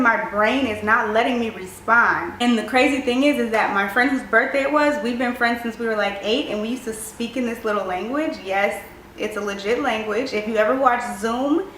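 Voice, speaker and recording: A young woman telling a storytime vlog, animated and acting out what people said. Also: a little high, echoey room, far from the mic, slight background noise, low-quality recording. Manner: animated storytelling, acts out quoted voices. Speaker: vlogger.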